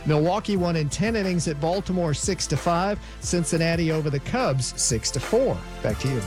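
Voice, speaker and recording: A man reading a brisk, matter-of-fact rundown of scores as the sports update anchor in a radio studio. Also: fairly high pitch, animated, a little mellow. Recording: music bed under voice.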